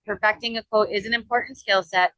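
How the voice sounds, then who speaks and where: A woman's voice: medium pitch, fairly even intonation, fast, pushed and bright, dry recording, rough recording. A woman co-hosting a podcast in casual, playful banter, recorded between sessions at a conference. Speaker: podcast co-host.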